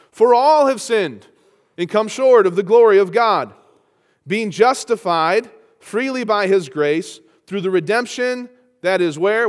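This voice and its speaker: A man's voice: sits high, smooth. A man preaching a sermon, reading scripture aloud and rising to emphatic peaks. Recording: long hall reverb.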